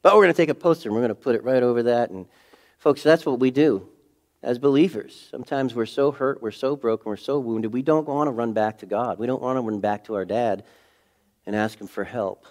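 A middle-aged pastor speaks a little fast in a mid-range voice, preaching a conversational sermon. Rhetorical questions abound, and he alternates between loud emphasis and hushed moments.

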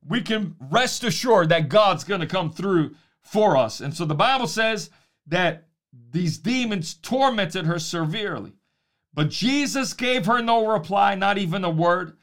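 High-voiced man preaching a sermon. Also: fairly bright tone. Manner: emphatic, repeats key lines slowly.

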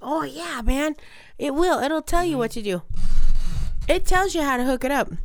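A woman's voice: sits high, animated, normal speed, slight background noise. A woman co-hosting a home podcast, chatting and giggling often. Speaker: podcast co-host. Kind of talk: casual chat.

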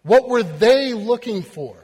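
A man's voice: very high-pitched, slow, slightly rough, big-room sound. A man preaching a sermon, talking to the congregation. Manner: animated storytelling, acting out voices. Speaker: pastor.

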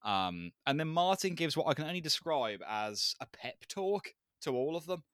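A man's voice: fairly high pitch, very animated, moderate pace, a bit bright, no room sound, studio quality. A man co-hosting a podcast, recapping scenes in a casual, amused way. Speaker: podcast co-host. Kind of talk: casual chat.

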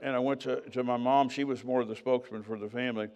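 A man's voice: mid-range voice, steady tone, quick pace, a little mellow. An older man preaching, telling his own story in a conversational way and acting out the dialogue. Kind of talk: sermon testimony.

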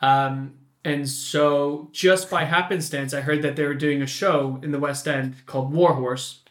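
A man's voice: a little high, steady tone, measured pace. A Canadian man in his thirties, a podcast guest chatting casually and laughing often as he tells a story. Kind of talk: casual chat.

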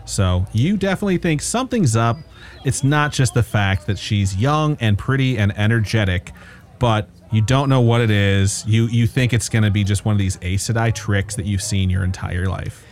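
A man's voice: fairly low pitch, moderate pace. A man narrating as game master in a casual, joking manner, swearing now and then.

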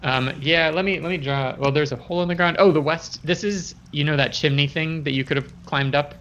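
A man narrating as game master of a tabletop game, relaxed and full of fillers, on a dull lo-fi recording. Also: fairly high pitch, a little fast, slight background noise.

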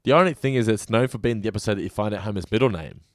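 A man's voice: on the low side, very fast, dry recording, clean studio sound. A man co-hosting a podcast in casual chat, rambling with frequent restarts. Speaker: podcast co-host.

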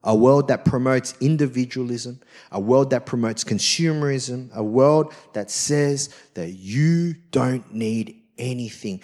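A male pastor delivering a sermon, telling a personal story with lively swings between loud emphasis and quiet, soft lines. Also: mid-range voice, unhurried, few pauses. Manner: acts out quoted voices.

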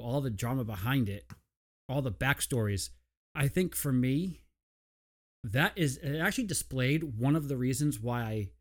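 A man co-hosting a casual review podcast, talking in a hesitant, rambling way. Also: mid-range voice. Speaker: podcast co-host. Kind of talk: casual chat.

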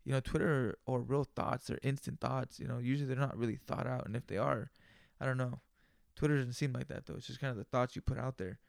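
A man's voice: mid-range voice, steady tone, quick pace, vocal fry, hardly any pauses, no echo, clean studio sound. A man hosting a solo podcast, talking in a loose, profane, rambling rant. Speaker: podcast host.

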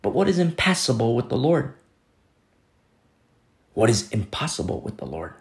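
A man preaching a sermon, acting out quoted speakers with sudden swings between loud, high calls and low, hushed asides. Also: big pitch swings, normal speed, gravelly. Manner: dramatic, voicing quoted speakers with big swings in pitch and loudness. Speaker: pastor.

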